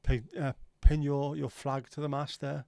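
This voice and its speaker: A man's voice: medium pitch, flat delivery, moderate pace, gravelly, dark tone, dry recording. A man hosting a livestream, rambling and joking as he chats with viewers and swears casually. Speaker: livestream host. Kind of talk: casual chat reading viewer comments.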